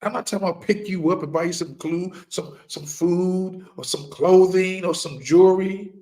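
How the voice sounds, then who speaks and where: A man's voice: sits high, moderate pace, dark tone. A middle-aged man giving an impassioned, preaching monologue as a firearms trainer, repeating key lines for emphasis and firing rhetorical questions at his listeners.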